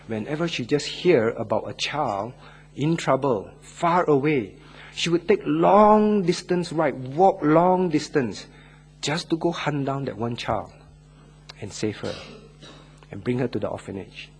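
A man preaching a sermon and leading a closing prayer, earnest, swinging from loud stressed words to hushed lines and drawing key words out slowly. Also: a little high, expressive.

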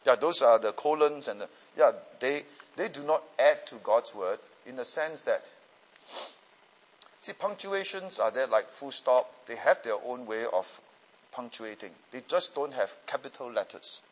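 Husky, lively male pastor teaching. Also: medium pitch, a little slow. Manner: explanatory, asks checking questions. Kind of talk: teaching Q&A session. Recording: long hall reverb.

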